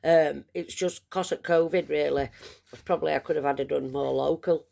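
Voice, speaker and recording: A woman's voice: low voice, steady tone, normal speed, creaky, dark tone. A woman chatting to camera, telling a long story in a rambling, self-mocking way. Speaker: vlogger. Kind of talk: casual storytelling.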